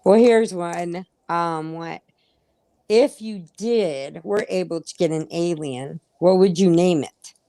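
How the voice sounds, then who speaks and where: A middle-aged woman chats casually as host, telling stories with gusto and putting on the voices of the people in them. Her voice sits a little low, and the sound is close and dry with no room around it. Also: slow pace, dry recording. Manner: animated storyteller acting out quotes. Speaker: host of a live crochet chat. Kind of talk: casual chat.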